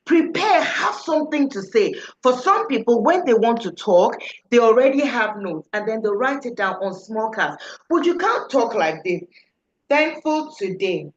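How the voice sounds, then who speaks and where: A woman's voice: on the high side, very animated, normal speed. A woman teaching public speaking to a live class, coaching directly and acting out examples. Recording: echoey room, dull lo-fi sound.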